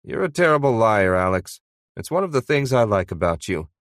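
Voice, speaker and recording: A gruff, wisecracking retiree in his sixties, as a male narrator plays him, ribbing an old friend with dry insults. The voice sits lowish but swings widely in pitch. The reading is close and dry. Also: big pitch swings, fairly quick, no echo. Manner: sardonic, ribbing.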